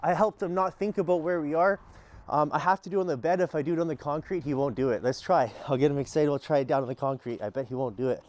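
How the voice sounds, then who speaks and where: A dog trainer, a man, explaining his methods in a relaxed way and breaking off into short, energetic commands and praise for the dog. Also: on the high side, fast talker. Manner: explains calmly, then barks short upbeat commands to the dog. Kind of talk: hands-on training demonstration. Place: outdoors in a yard, training a dog.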